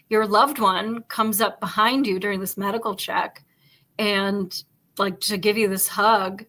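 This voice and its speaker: Podcast host, woman, bright forceful voice, rambling casual storyteller. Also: medium pitch, normal speed. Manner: rambling, animated storytelling full of fillers. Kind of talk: casual chat.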